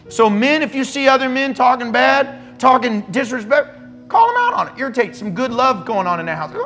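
High-pitched preacher man in church, middle-aged, teasing and scolding the crowd, soft music behind. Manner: animated, teasing preacher who scolds the congregation playfully. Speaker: pastor. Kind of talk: sermon.

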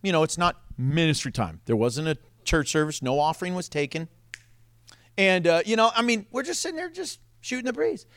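A male pastor delivering a sermon, telling stories with laughter and dropping to a hush for emphasis. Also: a little high, fairly quick, no echo. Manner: animated storytelling with laughs and sudden drops to a hush.

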